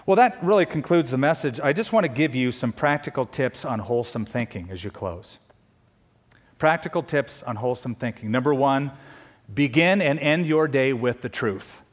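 A man's voice: medium pitch, animated, normal speed. A male pastor preaching a sermon, earnest and practical, breaking into emphatic bursts and light jokes. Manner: earnest, with joking asides and sudden emphatic bursts.

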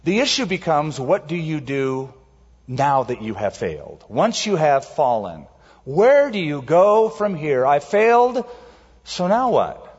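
Male pastor, slightly husky, lively storyteller, long church echo. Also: a little high, a little slow. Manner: animated storytelling, acting out quotes in a raised voice. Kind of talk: sermon. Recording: muffled sound in a large reverberant hall.

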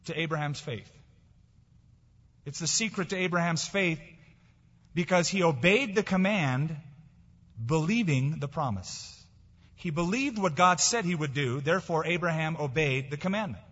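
Emphatic preacher in an echoing church hall. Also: male voice, a little high, slightly rough. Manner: emphatic preaching with sudden drops to quiet. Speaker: pastor. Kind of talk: sermon. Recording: dull lo-fi recording in a reverberant hall.

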